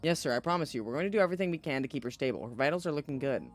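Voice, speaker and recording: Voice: mid-range voice, lively intonation, rapid-fire, no room sound, soft background music, lightly acted. A streamer voicing a polite, reassuring paramedic, reading from a story game. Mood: calm. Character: calm professional paramedic.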